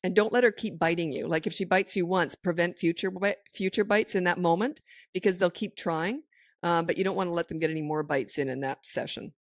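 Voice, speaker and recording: A woman's voice: lowish voice, brisk, no echo. Woman, middle-aged, parenting coach, firm and direct, close mic, dry room. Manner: direct and firm, acting out the phrases parents should say. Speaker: parenting coach and podcast host. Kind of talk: answering listener questions on a podcast. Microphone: close studio microphone.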